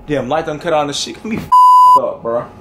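In an acted horror comedy skit, a young man with a fairly high voice tells a story briskly, then bursts into panicky, profane outbursts. The recording is very noisy.

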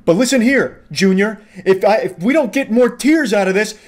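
A man's voice: high voice, lively intonation, normal speed, pitched above the performer's own voice. A man putting on the voice of a scheming mother who harshly threatens her crying son, swearing as she goes. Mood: menacing.

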